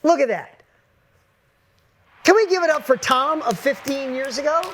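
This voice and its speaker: A man giving a blunt, energetic motivational talk to an audience as a business coach, casual and swearing freely. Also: extremely high pitch, moderate pace, slight background noise.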